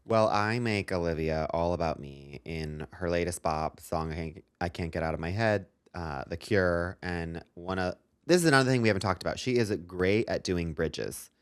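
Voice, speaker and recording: A man's voice: low voice, normal speed, few pauses, clear, resonant tone, no echo, studio quality. A man co-hosting a comedic podcast, telling a story in a rambling, self-mocking way with lots of ums. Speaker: podcast co-host.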